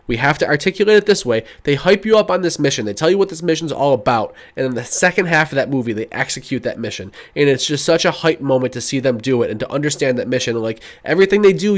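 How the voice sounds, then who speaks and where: A man co-hosting a podcast in casual chat, excitable and gushing, with lots of "like". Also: medium pitch. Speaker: podcast co-host.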